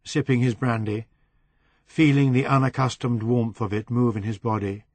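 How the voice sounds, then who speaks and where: Male narrator, audiobook reading, measured, middle pitch, dry close studio sound. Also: steady tone, a little mellow, dry recording. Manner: measured, slowing on descriptive phrases. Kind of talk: scripted narration of a novel.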